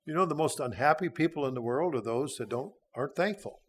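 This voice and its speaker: A man's voice: a little high, expressive, fairly quick. A man in his sixties giving a sermon, teaching through a Bible passage in a folksy, conversational way with frequent hesitations. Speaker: church speaker.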